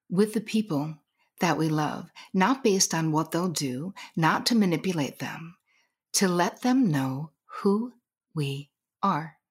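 A middle-aged woman speaks with a husky, slightly low voice. She tells a personal story earnestly and with emphasis as a guest coach. At times she drops into a near-whisper to stress a point.

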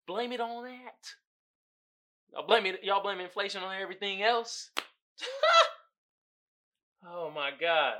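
A man hosting a podcast in a casual, comedic commentary style. He swears freely, laughs often, and swings from low mumbling to loud outbursts. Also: takes it slowly, long pauses. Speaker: podcast host.

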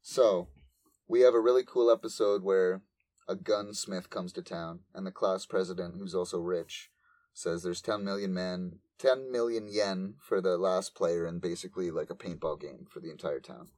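A man co-hosting a podcast, recapping a show in casual chat with animated, profane storytelling. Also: low voice, normal speed. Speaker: podcast co-host.

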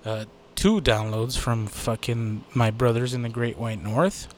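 Speaking a little slowly at a medium pitch, a US podcast host talks on his own show with no guest. He rambles loosely, swears without restraint, makes himself the butt of his jokes and fills gaps with lots of fillers. Slight background noise can be heard.

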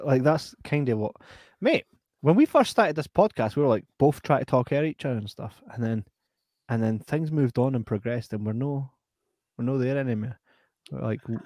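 A man's voice: medium pitch, mellow, no room sound, studio quality. A Scottish man co-hosting a casual podcast, joking, swearing and reading viewer comments aloud. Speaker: podcast co-host. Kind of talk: casual late-night podcast chat.

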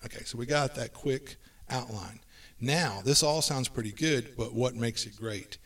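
Male podcast host, brisk list-driven delivery, sits a bit back from the mic. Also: mid-range voice, fairly bright tone, recorded from a distance. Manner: brisk, runs through lists of tips. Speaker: podcast host giving tabletop game advice. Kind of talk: casual podcast chat.

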